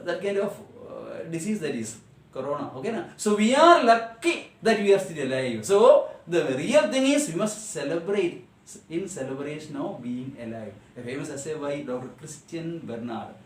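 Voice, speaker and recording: A man's voice: a little high, sing-song, moderate pace, recorded from a distance. A man with an Indian English accent teaching a class lesson, repeating and rephrasing each line and asking rhetorical questions. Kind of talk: classroom lesson explaining a text. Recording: echoey room, voice away from mic.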